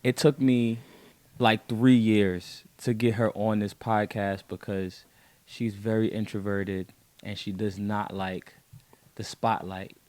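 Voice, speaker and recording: Excitable low-voiced male podcast host. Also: slow pace, dry recording. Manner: warm, effusive, excitable. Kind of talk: faith podcast conversation.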